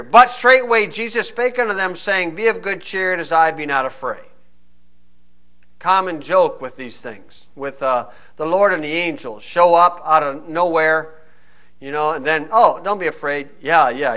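A male preacher with a high, bright voice. He reads old-style scripture and then drops into wry, homespun commentary, keeping the sermon relaxed and conversational.

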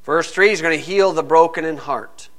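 High bright-voiced male preacher. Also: normal speed. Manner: animated, rhetorical questions, acts out hecklers. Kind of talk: sermon with Bible reading.

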